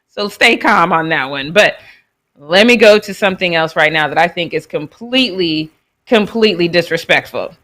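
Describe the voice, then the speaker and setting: Bright-voiced woman hosting a chatty sports show. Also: on the low side, expressive, moderate pace. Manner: chatty, reacting to clips with frequent laughter. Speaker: host. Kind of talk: casual commentary on sports news.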